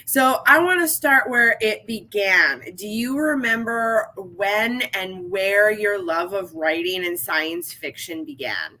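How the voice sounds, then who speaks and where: Bright, enthusiastic woman co-host. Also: medium pitch, animated, slow pace, few pauses, low-quality recording. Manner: enthusiastic, repeats words. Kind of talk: podcast interview.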